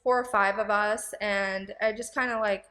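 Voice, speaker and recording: Here a young woman on a podcast recounts her story in a rambling, emotional way, close to tears, full of fillers and false starts. She speaks at a normal speed in a mid-range voice with fairly even intonation and a sharp tone, recorded in a big room.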